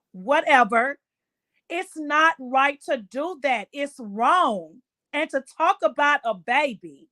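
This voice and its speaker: A woman's voice: sits high, bright, forceful tone. A woman hosting a late-night live chat, venting with emphatic, indignant talk and lots of repetition. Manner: indignant, emphatic, repeats herself. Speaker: livestream host. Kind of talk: casual commentary chat.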